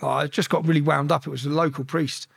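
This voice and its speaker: A man's voice: fairly high pitch, flat delivery, fast talker, gravelly, breathy edge. A man bluntly recounting his experiences as an interview guest, swearing freely and restarting his sentences often. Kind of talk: casual storytelling.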